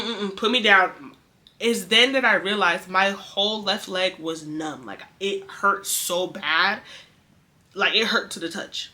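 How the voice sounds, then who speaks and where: A young woman from the Bay Area tells a personal story in a relaxed, chatty way. Her voice is bright and clear-toned, with a middling pitch. She gets animated and acts out what people said. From San Francisco Bay Area. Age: young adult. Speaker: vlogger sharing a testimony.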